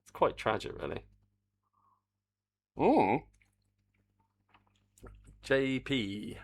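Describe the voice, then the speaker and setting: A man's voice: medium pitch, very animated, very slow. An older man, chatting casually on a live stream while he works on a game, reading the chat aloud and swearing mildly.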